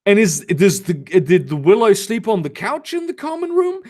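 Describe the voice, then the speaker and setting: A man's voice: high voice, moderate pace. A young man reading a fanfiction aloud on a live stream, breaking off into sarcastic, profane commentary and chatting with viewers. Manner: sarcastic, swearing, animated asides. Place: home, lives in Germany.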